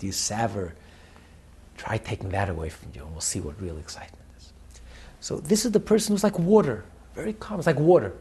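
Here's a husky, fairly high-pitched male voice, lively and full of stories, as he teaches on a religious text. Words get repeated, and laughter comes frequently.

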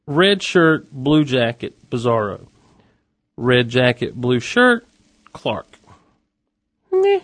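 A man with a mid-range voice chats through a TV episode recap in a loose, animated way. He throws in wry asides as he goes, and the recording is dry and close with no room echo. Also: medium pitch, very slow, long pauses.

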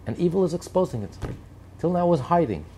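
Male commentator, gravelly, mellow-toned, insistent repetitive delivery. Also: a little high, sing-song, fast talker, a little hiss or hum. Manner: emphatic, repetitive rhetorical lists. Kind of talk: impassioned political commentary.

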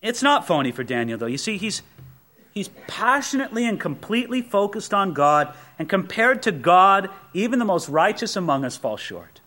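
A man's voice: high-pitched, big pitch swings, normal speed, pushed and bright. A male pastor preaching a sermon, emphatic and folksy, with rhetorical questions and personal asides.

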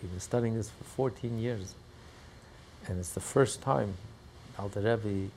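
A man teaching a class on a religious text, telling stories in an animated way and breaking into loud cries when he acts out quotes. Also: on the low side, measured pace, slight background noise. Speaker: Torah teacher.

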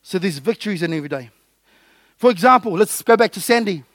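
High-voiced lively male preacher, dry sound. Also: fast, no echo. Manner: lively, jokey, acts out little scenes. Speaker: pastor. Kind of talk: sermon.

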